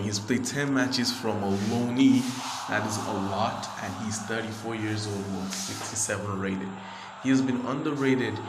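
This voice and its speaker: Man from Nigeria, chatty gaming commentator; low voice, echoey room. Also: noisy background. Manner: chatty, rambling, quick to get excited. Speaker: gaming video creator. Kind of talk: casual gameplay commentary. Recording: roomy echo.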